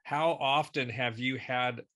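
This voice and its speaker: A man's voice: medium pitch, fairly even intonation, slow, a bit bright. A man co-hosting an interview, chatting casually and asking questions. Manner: conversational, asks questions, laughs easily. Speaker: interview co-host.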